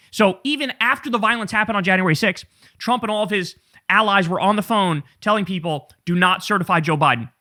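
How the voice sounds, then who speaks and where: A man's voice: sits high, a bit bright. A man giving emphatic, indignant political commentary straight to his viewers.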